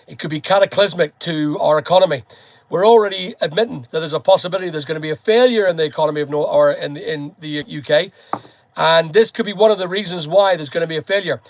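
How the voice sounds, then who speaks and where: A man's voice: high voice, no room sound. A man from Northern Ireland with a Northern Irish accent, hosting a casual live chat, rambling and greeting viewers by name. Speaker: live stream host.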